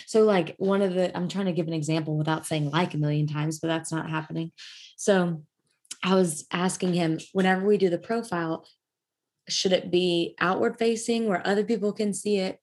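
A young woman hosting a podcast tells a personal story in a chatty way, packed with fillers and frequent laughter. Her lowish, darkish voice holds a steady tone at normal speed, in casual storytelling chat.

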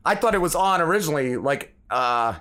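A man's voice: on the high side, lively intonation, fairly quick, bright, forceful tone. A man hosting a podcast, telling a story in heated, profane casual chat. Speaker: podcast host.

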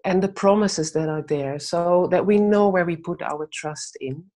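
A woman giving gentle, measured answers in a faith-based conversation and telling a short story. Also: fairly low pitch. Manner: gentle, measured, tells stories. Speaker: guest speaker on faith and anxiety.

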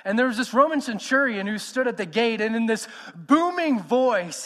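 A man's voice: extremely high pitch, expressive, moderate pace, few pauses, a bit bright, big-room sound. A man in his thirties preaching a sermon, emphatic and conversational, putting questions to the congregation. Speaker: pastor.

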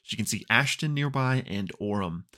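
A young man co-hosting a podcast, recapping an episode in a relaxed way with lots of "um" and "like.". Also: on the low side, moderate pace. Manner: relaxed storytelling with many fillers. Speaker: podcast co-host. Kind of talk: casual recap and discussion.

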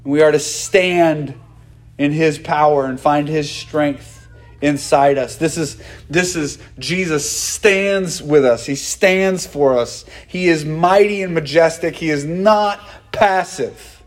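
A man's voice: on the high side, slow pace. A man preaching a sermon, emphatic, repeating key phrases for stress. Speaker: pastor.

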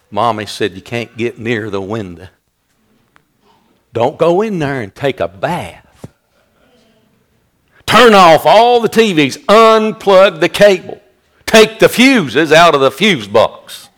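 Man, pastor, folksy sermon, swells loud and high at the peaks. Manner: folksy preaching, swells loud and high when quoting Jesus' rebuke.

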